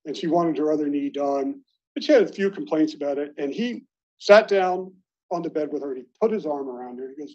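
At an alumni meeting, a middle-aged man from Baltimore, United States, tells colleagues self-deprecating anecdotes in a conversational style. His voice is a little high, warm and animated, and a little fast, on a dull lo-fi recording.

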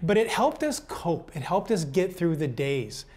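An older man telling folksy stories in a gentle, unhurried way. He often trips over and repeats words as he goes, in an easy, chatty tone. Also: a little high, big pitch swings. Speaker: speaker. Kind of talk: motivational storytelling talk.

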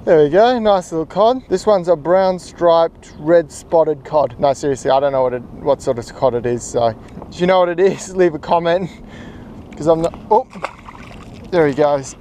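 A man's voice: on the high side, normal speed, dark tone, a little hiss or hum. A young man with an Australian accent giving chatty, joking commentary while fishing outdoors on the water. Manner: chatty, joking, self-mocking. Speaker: fishing vlogger. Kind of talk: casual running commentary. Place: outdoors on open water on a small raft. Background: music.

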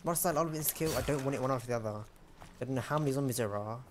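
A man's voice: mid-range voice, racing, noisy background. A young man giving casual, self-mocking gameplay commentary and chatting to the enemies. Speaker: gamer.

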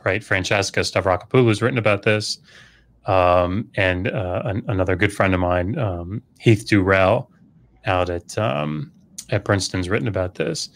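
A male scholar explains in a rather low voice, measured and a little hesitant, dotting his points with fillers. He sounds like an expert talking casually with a host. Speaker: scholar guest.

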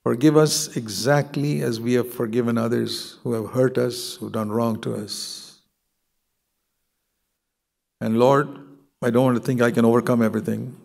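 A man's voice: mid-range voice, fairly even intonation, normal speed, vocal fry, long pauses, darkish tone. An older man with an Indian English accent, preaching a sermon in an earnest, conversational way that slips into prayer.

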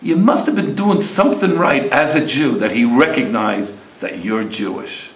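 A calm, wise father, as a man tells it. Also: medium pitch, normal speed, roomy sound, voice pushed down, natural voice, rough recording. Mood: gentle. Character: calm, wise father gently questioning his young son.

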